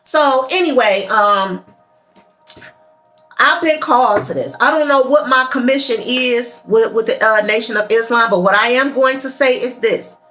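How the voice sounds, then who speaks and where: A woman's voice: a little high, normal speed, pushed and bright, soft background music. A woman giving an earnest, emphatic spiritual talk to her viewers, often calling out to them directly. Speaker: tarot and spiritual reader. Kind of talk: casual spiritual monologue to viewers.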